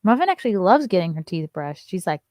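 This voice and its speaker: A comedian hosting a morning show chats casually and reads viewer comments, speaking very animatedly and fast in a slightly mellow voice. She slips into high, sing-song baby talk when addressing her dog. The sound is dry and close.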